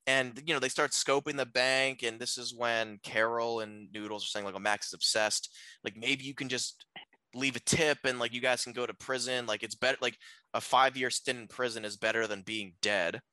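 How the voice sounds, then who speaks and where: Man, podcast co-host, casual film chat, rambling with fillers, bright tone, dry sound. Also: mid-range voice, fairly even intonation, normal speed, no echo, low-quality recording. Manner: rambling, lots of fillers and restarts.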